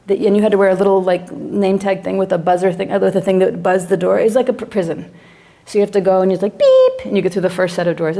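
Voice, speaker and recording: Woman psychologist, class lecturer, lively storyteller who acts out scenes. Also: medium pitch, creaky. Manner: animated storyteller acting out her own reactions.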